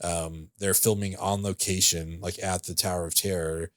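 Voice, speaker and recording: A man's voice: low-pitched, level tone, normal speed, a bit bright, no echo, studio quality. A man co-hosting a podcast, chatting casually about a movie in a laid-back, rambling way with lots of fillers. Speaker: podcast co-host. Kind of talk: casual film review chat.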